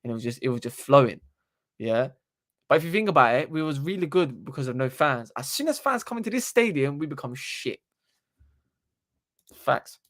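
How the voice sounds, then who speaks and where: A young man, hosting a casual live stream into a desktop microphone and talking in an animated, slangy, sweary way. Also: mid-range voice, normal speed, long pauses. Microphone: desktop USB microphone.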